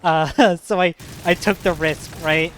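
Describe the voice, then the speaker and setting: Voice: mid-range voice, fairly even intonation, a little slow, a bit bright, slight background noise. A streamer chatting casually over gameplay, joking and laughing often with rambling asides.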